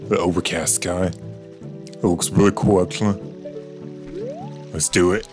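A man's voice: low voice, steady tone, unhurried, over music. A man giving casual, rambling commentary while playing a video game, swearing now and then. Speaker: gaming video creator. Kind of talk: casual let's-play commentary.

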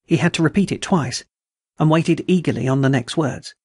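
A man hosting a podcast, reading adventure and dark stories aloud in a measured, steady way. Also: a little high, slightly rough, no room sound, studio quality. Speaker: podcast story reader.

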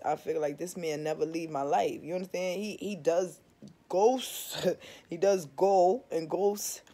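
A woman's voice: deep voice, mellow. A young woman vlogging in a candid, emphatic, casual way, swearing freely and often checking in with her viewers. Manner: candid, emphatic, swears freely, keeps asking "you understand?". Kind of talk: casual confessional chat to viewers.

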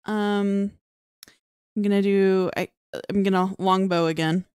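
A woman announcing her moves in a tabletop game with an exceptionally clear, crisp voice. She talks in a deliberate, hesitant way and pauses to decide what to do. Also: mid-range voice, steady tone, a little mellow, no echo, clean studio sound. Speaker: player.

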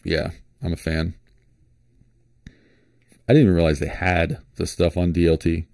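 A deep-voiced man from Florida talks casually as he browses, his tone mellow and unhurried. He rambles and restarts, filling gaps with little hums. The sound is dry and close, with no room around it. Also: vocal fry, no echo. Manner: rambling, relaxed, thinks aloud with many fillers and restarts. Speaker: flashlight vlogger. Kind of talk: casual screen-share commentary.

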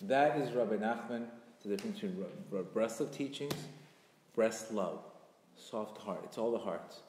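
A man giving a Torah class, speaking with passion and sometimes rising to near shouts. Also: mid-range voice, a little hiss or hum. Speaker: Jewish teacher. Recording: echoey hall.

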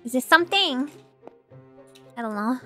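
A woman streamer chats casually while she plays, excitable and quick to giggle. Her voice sits high and bright. Faint music plays behind her. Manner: excitable, giggly, chatty with viewers. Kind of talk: casual game stream chat.

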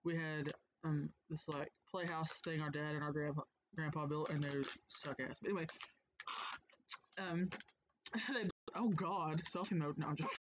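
A woman's voice: low voice, moderate pace. A young woman from Kentucky with a Kentucky accent, co-hosting a let's play in casual chat, rambling and swearing as she plays. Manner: rambling, swears freely, yelps at the game. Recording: dull lo-fi sound with background noise.

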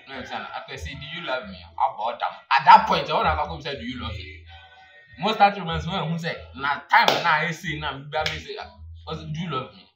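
A man with a Ghanaian accent giving comic advice as a video host, excitable, with bursts of loud exclamation. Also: mid-range voice, far from the mic. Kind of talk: animated comic advice monologue. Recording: roomy echo, off-mic, music behind.

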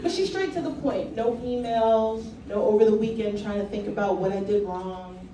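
A woman's voice: medium pitch, moderate pace. A woman from Brooklyn doing a stand-up set on a comedy club stage, telling stories in a blunt, profane way. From Brooklyn, New York. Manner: blunt, profane, animated storytelling. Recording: echoey club, mic heard from a distance, crowd laughter.

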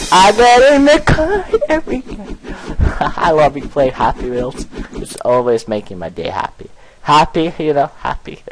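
A man giving let's-play commentary, excitable and playful, bursting into shouts and giggles in broken English. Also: mid-range voice, poor audio. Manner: broken, ungrammatical English phrasing. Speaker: gaming commentator.

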